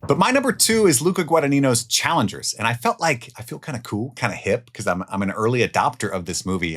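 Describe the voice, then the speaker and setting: A man hosting a film countdown, talking casually and with enthusiasm, swearing now and then, and moving between loud highs and quiet asides. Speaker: film reviewer. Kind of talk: casual spoken movie countdown.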